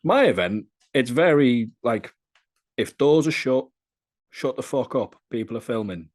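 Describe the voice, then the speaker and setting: A young man from Britain, an adult content creator on a casual podcast, talks in a medium-pitched, expressive, unhurried voice with a darkish tone. His candid, chatty stories are crude and full of rude jokes.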